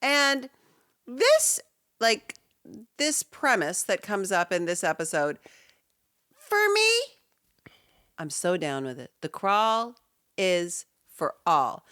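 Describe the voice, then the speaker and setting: A woman co-hosting a podcast in casual chat, sick and stuffy, talking in an animated, laughing way over a remote setup. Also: medium pitch, takes it slowly, long pauses, no echo, studio quality. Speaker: podcast co-host. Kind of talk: casual chat rewatching a sitcom. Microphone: remote call setup.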